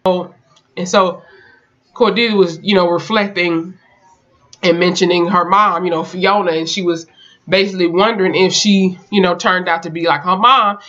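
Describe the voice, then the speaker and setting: A chatty reviewer walks through a TV episode scene by scene, all slang and cursing, and slips into the characters' lines along the way. The voice sits at a mid pitch. The recording sounds dull and lo-fi. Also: brisk. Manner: animated storytelling with slang and swearing; acts out characters' lines in quotes. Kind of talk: casual episode recap.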